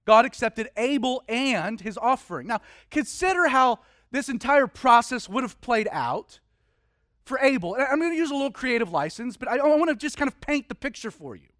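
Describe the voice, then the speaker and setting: A man's voice: very high-pitched, sing-song, moderate pace, a bit bright, dry recording, clean studio sound. A man preaching a sermon, telling a story vividly and dramatically with frequent restarts.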